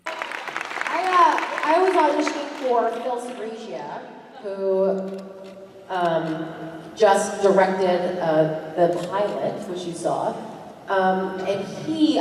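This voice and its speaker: A woman's voice: mid-range voice, animated, a little slow, a little hiss or hum. A woman telling a playful story on a convention panel, laughing as she goes. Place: convention hall. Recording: echoey hall, distant, crowd behind.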